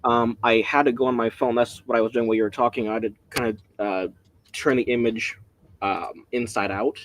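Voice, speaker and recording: Excitable man explaining scripture. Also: mid-range voice, brisk, slight background noise. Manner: rambling, excitable, self-interrupting. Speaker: Bible study teacher. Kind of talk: casual Bible study teaching. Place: home.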